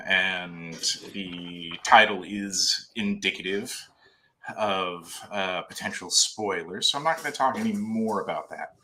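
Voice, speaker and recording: A man guest on a podcast, describing his adventure writing in a playful, unhurried way. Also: fairly low pitch, sharp tone. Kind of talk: casual podcast chat.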